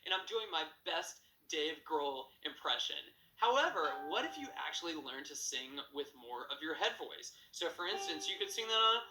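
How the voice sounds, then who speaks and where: A male vocal coach with a very bright, clean and ringing voice gives a singing lesson. He explains each technique plainly and moves between talking and short sung examples. The sound is roomy, with a clear echo. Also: on the high side, big pitch swings, normal speed, hardly any pauses, a little hiss or hum. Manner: explanatory, breaks into sung demonstrations.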